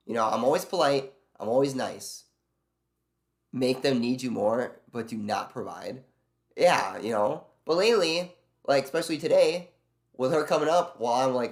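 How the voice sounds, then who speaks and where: A man streaming live, ranting in casual chat with lots of swearing and sarcasm while answering his chat. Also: mid-range voice. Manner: ranting, profane, sarcastic storytelling; reads and answers chat messages aloud.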